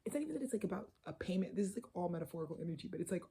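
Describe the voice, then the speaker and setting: A woman giving a casual, channeled tarot reading to her viewers. She talks in a loose, profane, animated way. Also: on the low side, very fast, creaky, husky. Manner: loose, profane, animated, slipping into quoted voices. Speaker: tarot reader.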